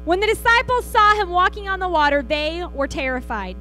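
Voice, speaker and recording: A woman's voice: very high voice, lively intonation, normal speed, pushed and bright, a little hiss or hum, poor audio. A woman pastor, preaching a sermon in a church and telling the story with acted-out quotes. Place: church sanctuary.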